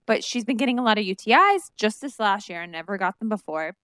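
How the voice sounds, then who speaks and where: Bright-voiced blunt woman chatting. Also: medium pitch, expressive, quick pace, clear, resonant tone, no room sound. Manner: frank and blunt, swears casually. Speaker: podcast co-host. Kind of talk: casual chat.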